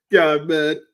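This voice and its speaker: A man hosting a casual interview podcast, joking around with crude banter. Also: fairly high pitch. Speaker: podcast host.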